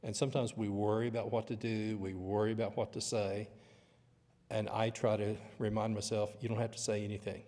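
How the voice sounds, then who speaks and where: A man's voice: on the low side, flat delivery, brisk, mellow, big-room sound. A man teaching a Bible lesson in church, with a conversational, storytelling manner. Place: church auditorium.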